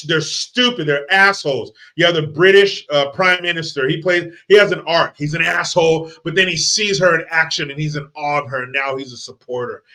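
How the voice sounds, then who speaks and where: A man's voice: fairly high pitch, bright, forceful tone. A man ranting in a movie commentary, profane, sarcastic and heated. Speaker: movie reviewer.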